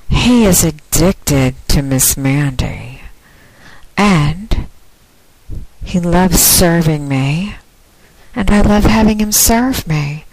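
A woman hosting her own podcast, talking through a casual monologue in a slow, drawn-out way. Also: low voice, no room sound, rough recording. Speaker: podcast host.

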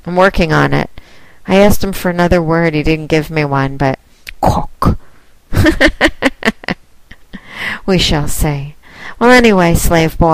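Slow, commanding woman with a smooth voice. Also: fairly low pitch, dry recording, poor audio. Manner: commanding, teasing, unhurried. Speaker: phone domination mistress promoting her line. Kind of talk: casual monologue to a listener.

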